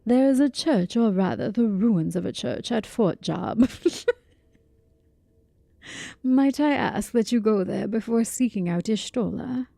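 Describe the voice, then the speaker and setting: A woman's voice: on the high side, slow, creaky, pauses often, mellow, no room sound. A woman reading as a courtly hooded mage with a put-on accent. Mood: earnest. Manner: formal old-fashioned speech in a put-on accent. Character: mysterious hooded male mage, formal and courtly.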